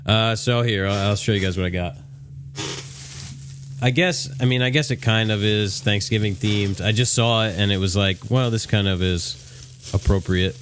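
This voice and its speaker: A man's voice: on the low side, fairly even intonation, moderate pace, a bit bright, a little hiss or hum. A man from New Jersey co-hosting a casual podcast chat, rambling with restarts and fillers. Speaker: podcast co-host.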